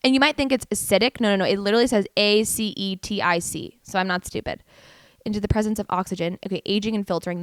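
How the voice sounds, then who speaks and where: A woman's voice: medium pitch, dry recording. A young American woman hosting a casual solo podcast, reading facts aloud with giggles and stumbling over words. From United States. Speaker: podcast host.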